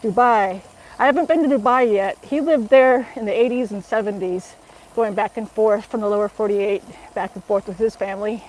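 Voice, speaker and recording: Her pitch is medium and her tone a little mellow, with moderate pacing, slight background noise and a rough recording. She's a middle-aged Alaskan fitness vlogger with a local accent, laughing often as she casually chats with viewers during an outdoor livestream workout.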